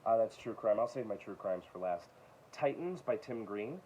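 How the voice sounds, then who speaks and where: Low-voiced man chatting through his book haul. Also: expressive, mellow, highs cut off, a little hiss or hum. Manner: reads titles aloud with quick asides, chuckles. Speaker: book collector vlogger. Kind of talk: casual show-and-tell of books.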